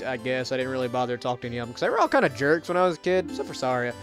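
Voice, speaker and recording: A man's voice: mid-range voice, animated, very fast, a bit bright, soft background music. A young man hosting a let's play, giving casual gameplay commentary full of sarcastic, joking asides.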